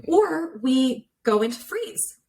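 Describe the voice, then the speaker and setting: A woman relationship therapist, a podcast guest, explains ideas clearly in a conversational interview over a remote call, and she uses many everyday examples. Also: high voice, big pitch swings, slow pace, a little mellow, rough recording.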